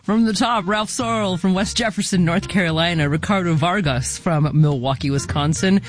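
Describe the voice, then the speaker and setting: A woman hosting a national radio talk show, reading a measured, articulate script. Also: lowish voice, soft background music. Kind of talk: scripted broadcast narration.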